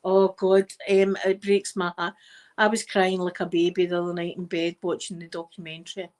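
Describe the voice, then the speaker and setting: A middle-aged Scottish woman in soft-spoken casual chat, rambling warmly as an ASMR host. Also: fairly low pitch, flat delivery, moderate pace. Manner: chatty and rambling, with frequent wee and laughter.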